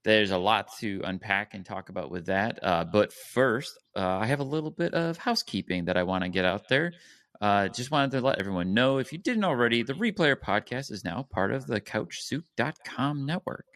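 A man's voice: on the low side, lively intonation, normal speed, a bit bright, no echo. A man hosting a casual gaming podcast, steering the talk and reading out housekeeping notes. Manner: runs the show, reads housekeeping plugs. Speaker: podcast host.

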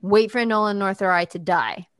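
A woman's voice: mid-range voice, normal speed, a bit bright, no echo. Sex: woman. Role: podcast co-host and actor. Style: casual chat, talking freely, swearing casually and laughing between points, her voice recorded close and dry.

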